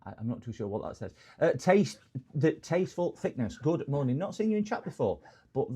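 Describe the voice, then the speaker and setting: His voice runs a little high and sing-song, a touch fast and husky, with the top end cut off. He's a middle-aged Englishman hosting a repair stream, rambling and joking with his audience and greeting the chat warmly with loud hellos.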